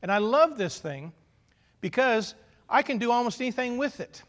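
Preaching a sermon at a moderate pace, this middle-aged man uses a fairly high voice. He's a pastor who tells animated stories and slips in humorous asides along the way.

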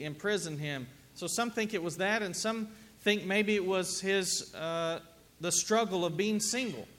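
A man's voice: high voice, fairly bright tone. A middle-aged man preaching a sermon to a congregation in a conversational way, asking them questions as he goes. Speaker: pastor. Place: church sanctuary with congregation.

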